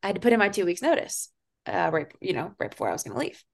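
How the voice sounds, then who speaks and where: A young woman co-hosting a podcast, telling a story in casual chat, animated, swearing freely and laughing at herself. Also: mid-range voice, racing, creaky. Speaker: podcast co-host.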